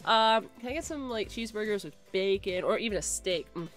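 A woman with a medium-pitched, expressive voice talks briskly while live-streaming a game, with faint music behind her. She reacts constantly, hurriedly repeating phrases and shrieking when things go badly.

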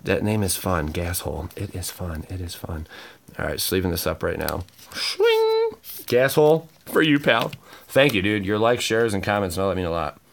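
Excitable man opening trading card packs. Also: low voice, moderate pace, gravelly, slight background noise. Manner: excitable, exclaims often, swings between shouting and muttering. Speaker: card-opening channel host. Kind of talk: excited unboxing vlog.

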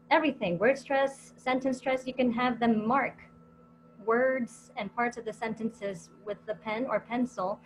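A woman's voice: fairly high pitch, low-quality recording. A woman ESL teacher on a discussion panel, explaining her classroom exercises step by step with frequent fillers. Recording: audible background noise.

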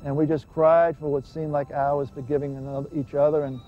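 A former gangster turned minister gives an earnest personal testimony, acting out dialogue dramatically as he recounts his past. His voice is a little high and brisk with little pitch movement, on a dull lo-fi recording with faint music.

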